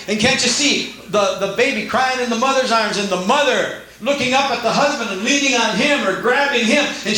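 A preacher man delivers a sermon with fervent energy, climbing to emphatic peaks. His voice is bright and forceful, pitched a little high. The sound rings heavily off a reverberant room. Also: slight background noise. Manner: fervent, rising to emphatic outbursts.

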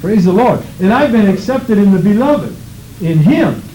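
A man preaching with fervor, his high voice swooping widely between phrases as he reads scripture and prays. The tone is mellow and soft-edged. A faint hiss of church background sits behind him. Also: animated, normal speed, poor audio. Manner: fervent, rhythmic preaching with scripture reading. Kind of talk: sermon.

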